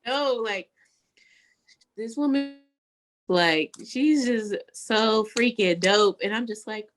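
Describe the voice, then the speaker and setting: A woman's voice: on the high side, takes it slowly. A woman co-hosting a podcast, chatting casually and enthusiastically hyping up her friends. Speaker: podcast co-host. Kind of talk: casual chat.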